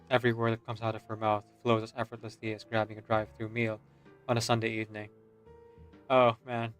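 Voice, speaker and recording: A man's voice: on the low side, little pitch movement, fairly quick, long pauses, clear, resonant tone, faint music behind. A man streaming a game, telling a rambling, self-mocking story and laughing often. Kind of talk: casual gaming stream chat.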